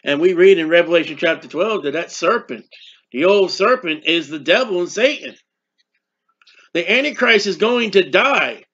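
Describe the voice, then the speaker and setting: High-voiced man preaching, lo-fi. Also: expressive, fairly bright tone. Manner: reads scripture slowly and emphatically, then explains in casual asides. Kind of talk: sermon, Bible teaching. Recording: dull lo-fi recording.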